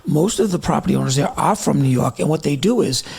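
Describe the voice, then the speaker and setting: A man's voice: fairly high pitch, lively intonation, fast, creaky, darkish tone, slightly rough. A middle-aged man, chatting casually on a live stream, rambling between stories and answering viewers by name. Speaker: TikTok live host. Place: at home in the evening.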